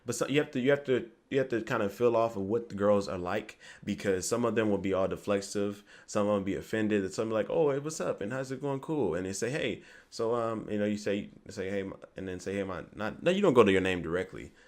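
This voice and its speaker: Fast-talking deep-voiced young man. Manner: rambling, repeats "you get me", acts out quoted lines. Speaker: vlogger giving dating advice. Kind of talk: casual advice monologue to camera.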